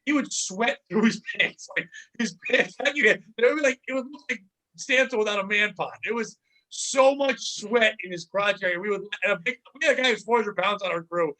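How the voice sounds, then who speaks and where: A man hosting a casual comedy podcast, rambling through work stories with animated retellings. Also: high-pitched, a little fast. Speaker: podcast host.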